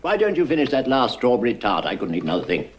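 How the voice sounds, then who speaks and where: An actor playing a calm, genial gentleman who speaks in a measured, good-humoured way. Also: medium pitch, a little hiss or hum. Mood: soothing.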